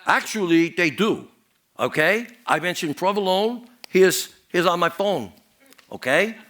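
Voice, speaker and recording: Speaking at a measured pace in a high-sitting voice, a man performs a stand-up character piece as a paranoid, rambling husband. Each rant jumps between subjects, is laced with deadpan puns, and ends in a mutter.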